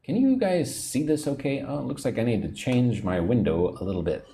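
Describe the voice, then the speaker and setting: Lively-pitched man teaching English live. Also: slight background noise. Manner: chatty, reads viewer comments aloud, slow drilled pronunciation. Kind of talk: livestream English lesson.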